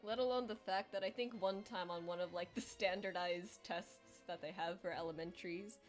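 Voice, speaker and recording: Faint music plays behind a young woman whose voice is on the low side, steady in tone and at normal speed. Drawing on stream, she rambles casually and puts herself down, leaning on filler words and performing quotes in exaggerated, playful voices.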